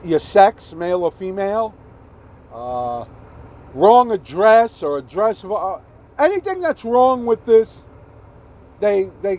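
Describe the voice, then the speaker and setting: A man with a very high voice that swoops up and down as he rants about politics in a casual vlog. He drags his words out slowly and leans hard on each point. The recording sounds dull and lo-fi. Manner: emphatic, repetitive, swears, stumbles over numbers. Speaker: political vlogger.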